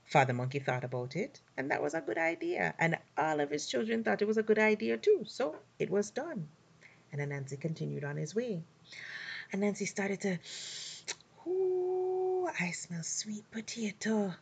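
A woman telling folktales, expressive and animated, slowing down for dramatic effect. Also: medium pitch, gravelly, breathy edge. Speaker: storyteller. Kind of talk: folktale storytelling.

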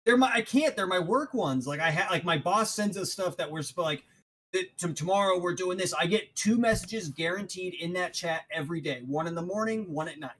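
A man, co-hosting a podcast, telling profane stories fast and with many restarts. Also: high voice, fairly bright tone, a little hiss or hum, poor audio. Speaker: podcast co-host. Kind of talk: casual chat.

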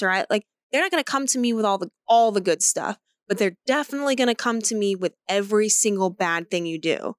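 A woman's voice: medium pitch, quick pace, few pauses, no echo. A woman co-hosting a podcast in casual chat, talking things through at length, candid and swearing freely. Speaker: podcast co-host.

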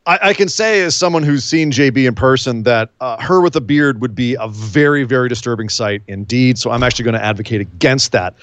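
A man's voice: mid-range voice, fairly quick, few pauses, a bit bright, no echo. A man co-hosting a casual podcast, chatty and joking, with some stumbles and restarts. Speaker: podcast co-host.

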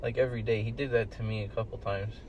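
A man's voice: fairly low pitch, steady tone, fast, lo-fi sound, a little hiss or hum. Rambling, cursing young man telling stories. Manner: rambling storyteller, swears a lot, loud bursts when quoting. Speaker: podcast co-host. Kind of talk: casual chat. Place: in a car with friends.

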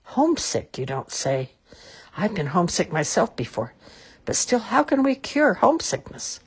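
Woman doing a gruff, blustery store boss. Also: sing-song, normal speed, heavily acted. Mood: musing. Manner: blustery, booming. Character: gruff grumbling older male store owner.

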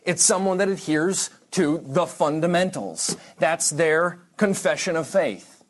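A man's voice: a little high, lively intonation, unhurried. A man giving a church history lecture to a congregation class, conversational and digressive, with frequent restarts and dry asides.

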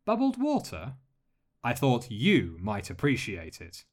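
A man voicing a masked male lord who speaks in a measured, polite way with dry humor. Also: mid-range voice, wildly swooping pitch. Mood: wry. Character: masked male dark lord, calm, courteous, wry.

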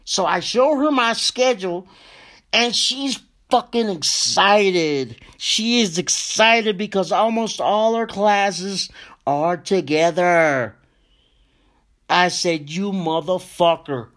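Young male host, slow, emotional storyteller, swears, talks straight to his audience. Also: high-pitched. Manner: slow, emotional, profane, addresses listeners as ladies and gentlemen. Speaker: podcast host. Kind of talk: personal storytelling monologue.

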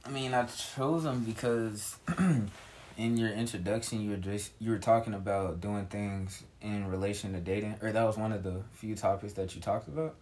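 A young man who is a guest on a casual podcast, speaking in a low-key, hesitant way and often clearing his throat. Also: steady tone, normal speed, a little mellow, slight background noise. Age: young adult.

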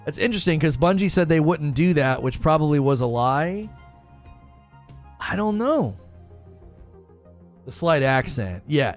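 A man hosting a casual live stream, rambling through quick asides and reading out chat. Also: a little high, lively intonation, soft background music. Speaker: livestream host.

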